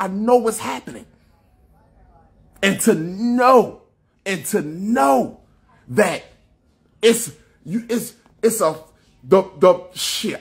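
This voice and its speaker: A livestream host with a high, slightly bright, husky voice delivers a spiritual monologue on a phone livestream. He's fervent and preachy, repeats himself, and swears often.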